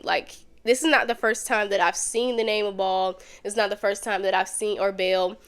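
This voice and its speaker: A woman hosting a podcast, teaching a Bible lesson in a casual, conversational way with lively storytelling. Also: mid-range voice.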